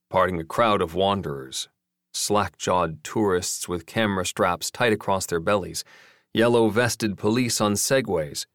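A man narrates an audiobook in a steady, wry storytelling manner. His voice sits a little low. The recording is dry and close. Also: dry recording.

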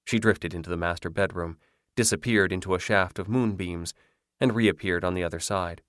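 A man narrating a ghost story in a measured, dramatic reading. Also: low voice, fairly bright tone, no room sound, clean studio sound. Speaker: audiobook narrator. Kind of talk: scripted narration.

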